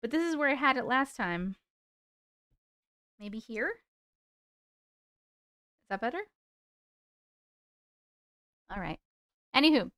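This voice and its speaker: A woman hosting a casual live stream from her desk at home, chatty and excitable, swearing freely. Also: fairly high pitch, a little slow, long pauses, no echo, studio quality.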